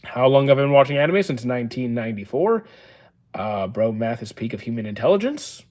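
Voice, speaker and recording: A man in his thirties answers viewer questions on a casual livestream. He keeps a calm, level, matter-of-fact tone, dry rather than excitable, and often pauses on an "uh" before replying. His voice sits at an ordinary middle pitch for a man. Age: 30s. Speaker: livestream host. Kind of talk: casual livestream Q&A reading chat.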